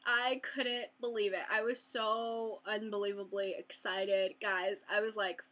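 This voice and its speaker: Bright-voiced bubbly young woman vlogging. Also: a little high, fairly even intonation, moderate pace, few pauses. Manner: bubbly, rambling, many fillers. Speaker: beauty vlogger. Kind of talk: casual chat to camera.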